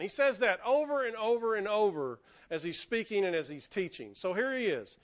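Here a pastor gives a folksy, animated sermon, voicing the people he quotes and coughing as he shakes off an illness. He sits high in pitch and speaks at a moderate pace, captured in lo-fi sound.

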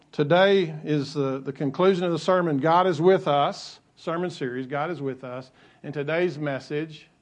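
A male pastor preaching a sermon in a conversational way, repeating key phrases and adding light asides. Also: medium pitch.

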